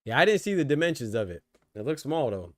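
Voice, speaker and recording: A man's voice: mid-range voice, sing-song, fast talker, no echo, clean studio sound. Slangy male boxing podcast host. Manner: loose slangy talk, laughs hard at jokes. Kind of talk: casual live commentary.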